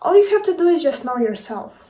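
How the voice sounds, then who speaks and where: A woman life coach talks to viewers in a casual motivational vlog, playful, emphatic, and freely profane. Her high, dark-toned voice is brisk and sing-song. The recording is echoey, with her distant from the mic.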